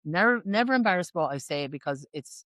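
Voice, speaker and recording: A woman's voice: fairly low pitch, lively intonation, a little fast, a bit bright, dry recording. Chatty Irish woman, laughs a lot. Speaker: podcast co-host. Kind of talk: casual chat.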